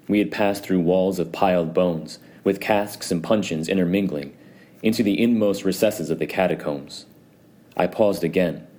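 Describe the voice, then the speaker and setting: A man narrating a classic story as an audiobook, in a slow, measured, ominous reading. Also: low voice, dark tone.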